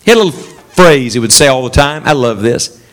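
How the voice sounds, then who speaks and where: A man's voice: medium pitch, lively intonation, brisk. A man preaching a sermon, leading his congregation in call-and-response and stressing a key word again and again.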